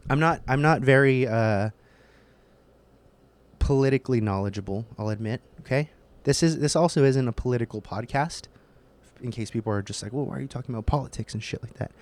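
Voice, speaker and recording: Young male podcast host, solo rant, sweary and emphatic, mid-range voice. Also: medium pitch. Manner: profane, heated, emphatic. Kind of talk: casual ranting monologue.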